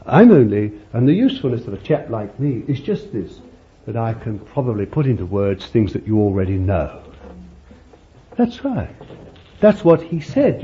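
Male preacher with a folksy, conversational sermon delivery and an animated pitch, on a muffled lo-fi recording. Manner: folksy, conversational preaching with many "you see" asides. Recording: muffled lo-fi recording with faint hiss.

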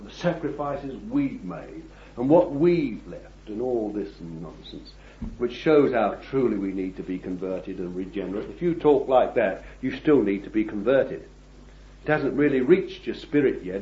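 A man preaching a sermon, reading scripture and addressing his listeners as beloved, swinging from hushed words to loud ones. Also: mid-range voice. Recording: dull, echoey old recording.

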